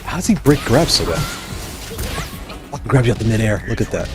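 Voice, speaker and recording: A man's voice: medium pitch, big pitch swings, fairly quick, music in the background. A tired man streaming a fighting game and chatting as he reacts aloud to each round. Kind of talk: live gameplay commentary.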